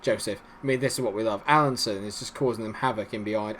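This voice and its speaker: A man giving casual, animated commentary on a football management game, swinging between cheering and grumbling. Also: lowish voice, fast talker. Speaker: gaming YouTuber.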